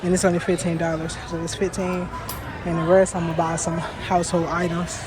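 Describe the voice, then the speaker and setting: A woman's voice: on the low side, little pitch movement, a little fast, a crowd in the background. A young woman vlogging while she walks, chatting easygoing with her viewers, laughing often and calling them y'all. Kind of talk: casual vlog chat to viewers. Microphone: wearing mics while walking.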